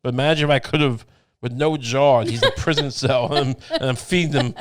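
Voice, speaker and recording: A young adult man hosts a podcast, speaking quickly at a medium pitch. His casual comedic chat rambles and is full of cursing, and he laughs often.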